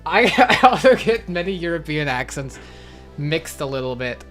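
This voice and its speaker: A woman's voice: low voice, sing-song, moderate pace, a bit bright, soft background music. A young adult woman streaming a game, chatting casually and rambling with many fillers and restarts. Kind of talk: casual chat while gaming.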